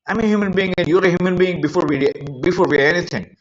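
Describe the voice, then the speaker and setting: Man, somewhat high voice, halting and pleading, near tears, lo-fi phone recording. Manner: halting, repeats words, pleading and aggrieved. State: distressed, close to tears. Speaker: live streamer. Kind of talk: rambling live-stream monologue. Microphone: phone mic.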